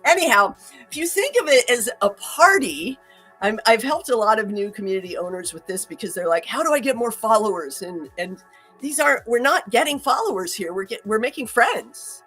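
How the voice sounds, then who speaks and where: A woman's voice: fairly high pitch, expressive, normal speed, fairly bright tone, slightly rough, faint music behind. A woman hosting a casual talk, chatty and upbeat, laughing often and restarting her sentences. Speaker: host.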